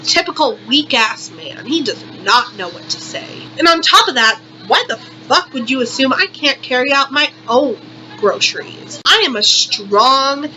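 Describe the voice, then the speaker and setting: A woman's voice: high-pitched, lively intonation, measured pace, pushed and bright, soft background music, low-quality recording. A young woman vlogger performing a satirical monologue in exaggerated, repetitive, melodramatic outrage.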